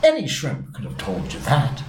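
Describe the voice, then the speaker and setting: A man voicing an impatient, solemn male griffin who talks in a brisk, bossy way. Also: medium pitch, huge pitch swings, pitched above the performer's own voice. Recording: roomy with faint hiss.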